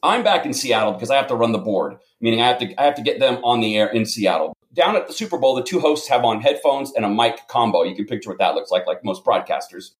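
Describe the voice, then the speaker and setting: A man telling self-deprecating anecdotes in a casual, lively way as a guest. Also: mid-range voice, fast talker, few pauses. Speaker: guest storyteller. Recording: roomy echo.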